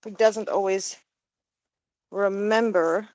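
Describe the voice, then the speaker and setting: A woman's voice: mid-range voice, fairly even intonation, takes it slowly, darkish tone, no room sound, poor audio. A woman chatting casually while she coaxes her pets with sing-song calls in a backyard. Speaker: pet owner vlogger. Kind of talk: casual chat to camera and animals. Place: backyard outdoors with chickens.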